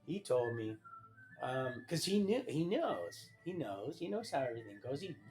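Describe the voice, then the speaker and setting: A man recounts his life story on a live stream, talking casually at a middle pitch. He rambles and restarts his sentences as he reads bits of a document aloud. Soft music plays faintly behind him. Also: big pitch swings, normal speed. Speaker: livestream storyteller.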